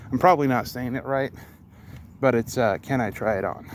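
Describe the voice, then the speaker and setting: A man's voice: mid-range voice, fast talker, slight background noise. A man vlogging outdoors on a path, explaining foreign phrases in a casual, hesitant way and sounding out words with care. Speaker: vlogger learning a language. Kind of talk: casual explanation while walking.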